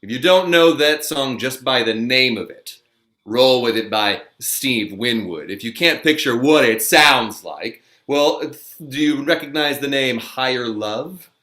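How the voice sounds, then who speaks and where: A man's voice: mid-range voice, measured pace, sharp tone, echoey room. A man hosting a live comedy stage show, chatty and playful between acts. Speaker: host. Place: small theatre stage.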